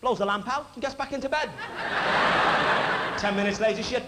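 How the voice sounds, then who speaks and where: A cheeky male comedian rattles off stand-up patter from a theatre stage with a fairly high voice. The sound is a noisy old 1960s television broadcast, hiss clearly audible beneath him. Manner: cheeky, quick joke-telling. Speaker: variety show host and comedian. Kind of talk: stand-up patter before a live audience. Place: theatre stage with live audience.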